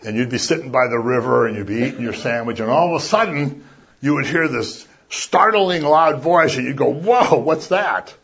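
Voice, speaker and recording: Male preacher, husky voice, casual and jokey, then bursts loud for emphasis; muffled lo-fi recording. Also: medium pitch, fairly quick. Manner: conversational, with jokey asides and sudden loud emphasis. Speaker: pastor. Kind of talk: sermon.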